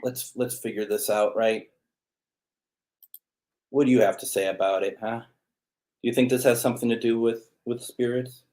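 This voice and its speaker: A man's voice: mid-range voice, level tone, normal speed, pauses often, darkish tone. A man hosting a live spirit box session, chatting casually while calling out to spirits and talking to his cat. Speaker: host.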